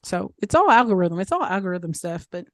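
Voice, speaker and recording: A woman's voice: on the low side, very animated, fairly quick, no room sound. A woman answering questions in a casual group coaching session, chatty and full of fillers, repeating her points for emphasis. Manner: upbeat advice-giving, repeats points for emphasis. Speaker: mastermind group speaker. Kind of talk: casual Q&A coaching on an online call.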